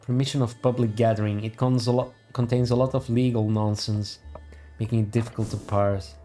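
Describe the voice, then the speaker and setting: A man's voice: fairly low pitch, flat delivery, brisk, dark tone, soft background music. A man playing through a video game, reading its text aloud with offhand asides. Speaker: let's play gamer.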